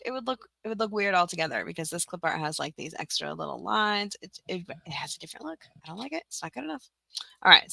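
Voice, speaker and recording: A young adult woman runs a casual live-stream tutorial, narrating her own clicks and teasing herself as she goes. Her voice sits low but bright, with a gravelly edge. The sound is close and dry, with no room echo. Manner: chatty, self-mocking, talks to herself while working, laughs often. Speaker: teacher-resource creator hosting a live stream.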